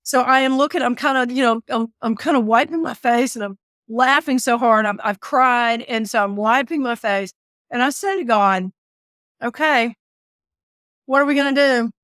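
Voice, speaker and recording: Animated woman telling a story. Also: on the high side, normal speed, no echo, clean studio sound. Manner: animated storyteller, laughs often. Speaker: guest, author and former caregiver. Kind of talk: storytelling interview.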